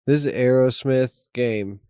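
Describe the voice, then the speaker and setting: A young adult man chatting casually as a podcast guest, excitable and rambling, with casual swearing. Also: medium pitch, slow pace, clean tone, no echo, clean studio sound. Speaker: guest musician.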